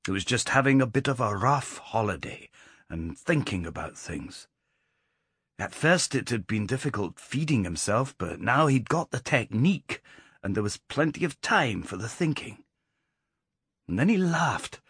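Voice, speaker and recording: Husky male audiobook narrator. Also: medium pitch, a little slow, no room sound. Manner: expressive storytelling, voicing characters in dialogue. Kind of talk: storytelling narration.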